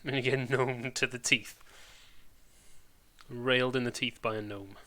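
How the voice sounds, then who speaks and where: A man's voice: mid-range voice, fairly even intonation, a little slow, sharp tone. A man with a Welsh accent, chatting casually and rambling on a live stream, full of British slang.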